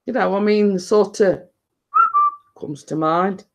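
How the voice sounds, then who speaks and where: A woman's voice: mid-range voice, takes it slowly, vocal fry, darkish tone. A woman with a northern English accent chatting casually on a live stream, rambling and laughing often.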